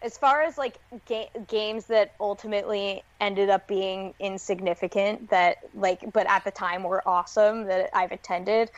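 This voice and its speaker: Woman, podcast co-host, animated, quick quips, dull dry recording. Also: medium pitch, dry recording. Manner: animated, laughs often, quips. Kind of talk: casual podcast chat.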